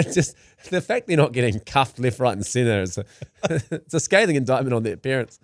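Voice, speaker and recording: A man's voice: mid-range voice, big pitch swings, normal speed, dry recording. A New man riffing in loose podcast banter, laughing easily and throwing in crude jokes. His voice sits in a middling range, recorded close and dry with no room sound. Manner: laughs often, crude jokey asides. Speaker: podcast co-host. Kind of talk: casual banter.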